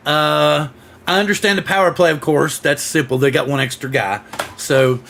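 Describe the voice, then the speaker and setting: A man's voice: fairly high pitch, normal speed, gravelly, fairly bright tone, a little hiss or hum. A man hosting a casual livestream, chatting and rambling as he greets viewers by name. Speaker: host.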